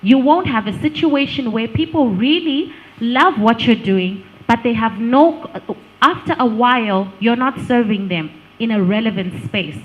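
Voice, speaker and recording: A woman gives an engaging live workshop talk, her voice riding fairly high with a very animated, swooping pitch. She quizzes the room and laughs readily as she talks. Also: measured pace, phone-quality sound. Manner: lively, engaging, asks the room questions, laughs often. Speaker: speaker on digital branding.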